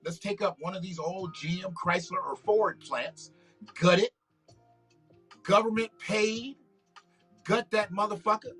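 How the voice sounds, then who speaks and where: Guy ranting on his livestream, bright sharp voice, cussing a lot, kinda high, faint music behind. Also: breathy edge. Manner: blunt, profane, preachy rants. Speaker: livestream host. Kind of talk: casual political commentary livestream.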